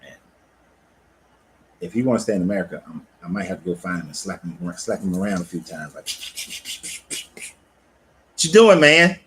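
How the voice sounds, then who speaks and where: A man with a low voice talks fast but leaves long pauses, over a rough recording with a little hiss or hum. He's a life coach and cigar lounge owner livestreaming from his lounge, laid-back and profane, telling stories animatedly.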